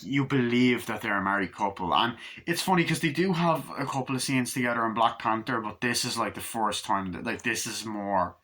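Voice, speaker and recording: Bright-voiced man casually reviewing a film. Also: on the low side. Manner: animated, acts out scenes in put-on voices, swears often.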